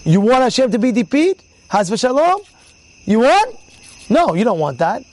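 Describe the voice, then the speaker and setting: A man's voice: very high-pitched, big pitch swings, moderate pace, a little mellow. A rabbi in his thirties giving an informal Torah talk, repeating rhetorical questions and checking in with his listeners. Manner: emphatic bursts on key words. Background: crickets and insects faintly.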